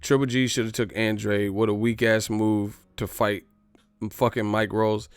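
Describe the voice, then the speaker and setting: A man's voice: fairly low pitch, level tone, measured pace, clean tone, dry recording. A brash, slangy man hosting a live boxing commentary stream.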